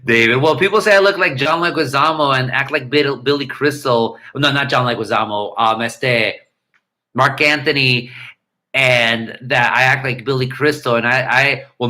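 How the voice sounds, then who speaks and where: A man's voice: mid-range voice, pushed and bright. A middle-aged man hosting a casual livestream chat and answering viewer questions in a blunt, irreverent, rambling way.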